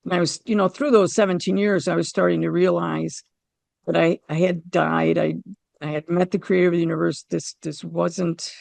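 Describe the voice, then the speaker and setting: A lowish, fry-tinged voice belongs to a middle-aged American woman guesting on a podcast, speaking at a normal pace. She animatedly shares a personal story and acts out her own quoted words, with no echo in the audio.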